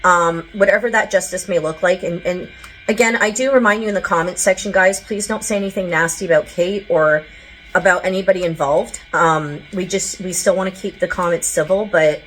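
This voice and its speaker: Low-voiced woman chatting through a reading. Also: a bit bright, rough recording. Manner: chatty and rambling, many filler words and side notes. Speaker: psychic channeling reader. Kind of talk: casual spoken psychic reading to viewers.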